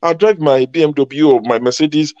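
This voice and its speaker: A man's voice: fairly high pitch, moderate pace, a little mellow, no room sound, dull audio. A man speaking as a panelist in a heated debate, emphatic and combative, repeating his points.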